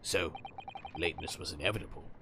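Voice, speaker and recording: A man's voice: deep voice, a little fast, background noise, pitched below the performer's own voice. A man streaming a game, voicing a cold, aloof aristocratic lord who speaks in curt pronouncements.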